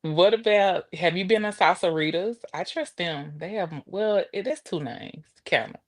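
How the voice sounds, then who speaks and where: Podcast guest, woman around forty, lower voice, quick laughs, frank reactions. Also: lively intonation, dry recording, clean studio sound. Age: 40s. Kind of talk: casual chat.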